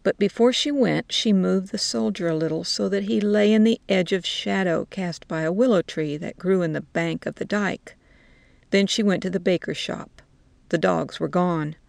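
A woman narrating a story in a slow, measured way. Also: lowish voice, gravelly, no room sound.

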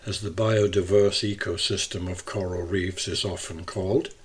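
A man narrating a first-person travel essay in a measured, even reading style. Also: medium pitch, husky.

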